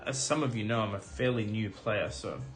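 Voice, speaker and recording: Chatty man, a bit hoarse, music behind. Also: on the low side, brisk. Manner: chatty, filler-heavy, excited about pulls. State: slightly hoarse. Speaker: streamer opening trading card packs. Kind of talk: casual live-stream chat.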